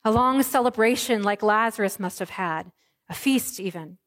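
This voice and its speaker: A woman pastor preaching an Easter sermon, moving from hushed, soft lines to ringing proclamations. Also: mid-range voice, moderate pace, dry recording, studio quality.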